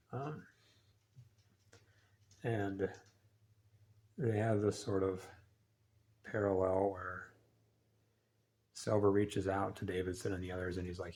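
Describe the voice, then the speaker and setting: A man giving a relaxed, rambling literary analysis in a soft-spoken, casual way. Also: low voice, takes it slowly, pauses often, a little hiss or hum. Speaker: book reviewer.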